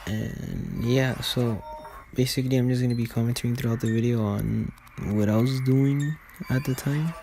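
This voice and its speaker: A man's voice: medium pitch, steady tone, normal speed, hardly any pauses, mellow, faint music behind. A man giving casual, rambling commentary over a game video, full of fillers and restarts.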